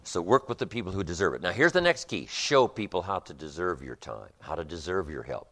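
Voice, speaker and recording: A lower-pitched man lecturing at a live seminar, with a voice that swoops up and down as he stresses points. He drives ideas home through rhythmic repetition and weaves in fables as a motivational speaker. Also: sing-song, a little fast, fairly bright tone. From United States. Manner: emphatic, rhythmic repetitions, storytelling.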